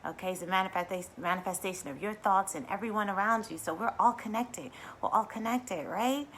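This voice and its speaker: A woman hosting a casual mindfulness livestream, bubbly and excitable, talking straight to her viewers. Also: medium pitch, brisk, a little hiss or hum.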